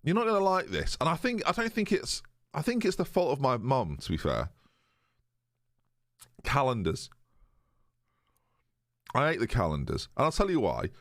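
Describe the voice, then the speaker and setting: A man's voice: medium pitch, sing-song, moderate pace, pauses often, a bit bright, no room sound, studio quality. A young man casually chatting with his live-stream viewers, joking and reading their messages aloud. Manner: chatty, jokey, reads chat aloud.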